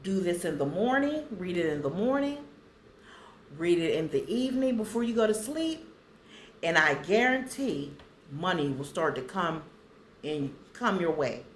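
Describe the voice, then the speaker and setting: A woman vlogger casually talking to viewers and slowly reading affirmations aloud so they can write them down. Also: on the low side, very animated, roomy sound, a little hiss or hum. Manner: slow, deliberate reading for viewers to copy.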